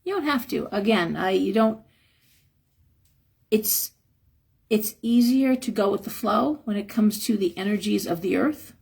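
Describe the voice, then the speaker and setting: Chatty woman with a husky, gravelly voice. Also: unhurried, pauses often, a little mellow. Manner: chatty, frank, acts out quotes with a higher voice. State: tired. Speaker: live stream host giving spiritual advice. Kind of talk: casual live-stream talk, reading chat.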